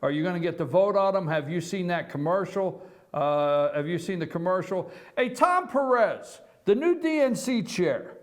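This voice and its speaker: A man's voice: high voice, animated, normal speed. A man hosting a live online morning show from an office, delivering opinion commentary with emphatic, repeated rhetorical questions.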